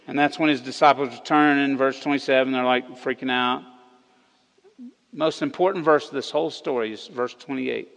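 A man preaching a sermon as pastor, retelling a story with animated, emphatic delivery that rises on key words. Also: medium pitch, fairly quick, long reverb tail, rough recording. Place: church hall.

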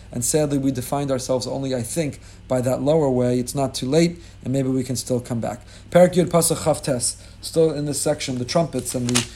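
Impassioned rabbi, warm mellow voice. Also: male voice, a little hiss or hum. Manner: impassioned, rising high when quoting pleas; weaves Hebrew and Yiddish terms into English. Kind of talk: sermon on the weekly Torah portion.

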